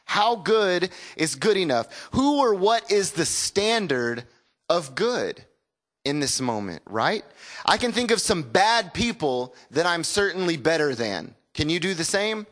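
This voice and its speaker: A man's voice: a little high, sing-song, unhurried, fairly bright tone. A man, preaching a sermon in a conversational storytelling way and calling on the congregation to repeat words back. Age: 40s. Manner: conversational storytelling with call-and-response. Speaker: pastor.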